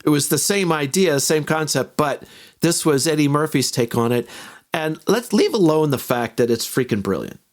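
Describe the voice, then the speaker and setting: A man's voice: a little high, expressive, normal speed. A man in his sixties co-hosting a podcast in casual chat, rambling with restarts and fillers. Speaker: podcast co-host.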